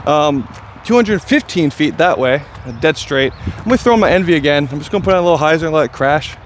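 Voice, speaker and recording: A chatty, excitable man with a slightly high voice talks through his disc golf round in casual commentary, poking fun at himself. He is recorded outdoors on the course, with faint traffic and outdoor ambience behind him. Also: fairly quick. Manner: chatty, excitable, self-deprecating.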